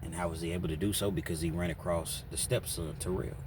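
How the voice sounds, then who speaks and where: A man's voice: low-pitched, steady tone, quick pace, background noise. A man telling a true-crime story casually, with lots of fillers and asides. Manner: loose, filler-heavy, conversational. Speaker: channel host, storyteller.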